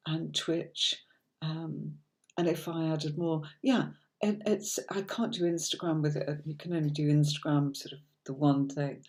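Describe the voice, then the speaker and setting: A woman's voice: on the low side, darkish tone. A woman with a British accent chatting on a live stream, talking to viewers with lots of ums and restarts. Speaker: tarot teacher streaming live.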